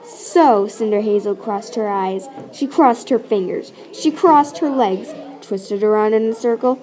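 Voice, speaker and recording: Slow, expressive woman reading a children's story. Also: medium pitch. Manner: expressive, playful sound effects. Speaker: storybook reader. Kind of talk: children's story read-aloud.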